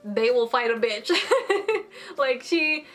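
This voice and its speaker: A young woman reviewing an anime episode in casual, animated chat, swearing now and then. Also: sits high, takes it slowly, faint music behind.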